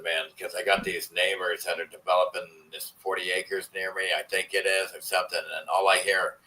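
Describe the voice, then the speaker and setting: A man's voice: sits low, bright, forceful tone, poor audio. A man chatting casually with viewers on a live stream, rambling and swearing as he complains in frustration. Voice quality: profane, rambling. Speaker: vlogger.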